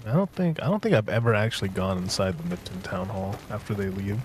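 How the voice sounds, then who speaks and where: A man's voice: lowish voice, fast, darkish tone, a little hiss or hum. A man streaming a video game, chatting casually, joking and tripping over his words. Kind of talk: casual live-stream gaming commentary.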